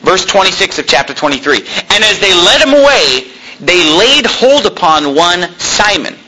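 A man delivers an impassioned sermon in a high, lively voice that swoops up and down as he acts out the scripture. His tone is bright and sharp. A faint hiss sits under the recording. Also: moderate pace, poor audio. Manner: animated, impassioned, reads scripture aloud and acts out speakers. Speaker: preacher.

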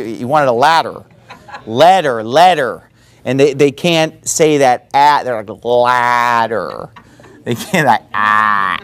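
A man preaching a sermon in a conversational way, with quick asides and self-corrections. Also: a little high. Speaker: pastor.

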